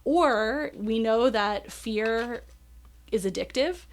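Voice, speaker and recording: A woman's voice: on the high side, slow pace. A woman in her thirties hosting a podcast, earnest and emotional, with casual swearing. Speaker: podcast host. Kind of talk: casual interview chat.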